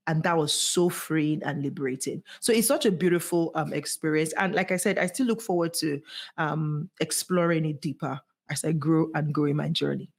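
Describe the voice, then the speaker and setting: A woman speaks as a guest on a podcast, coaching listeners on their voices. Her voice sits fairly low, yet she is animated and emphatic, swooping up high whenever she stresses a point. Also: moderate pace. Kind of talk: motivational podcast conversation.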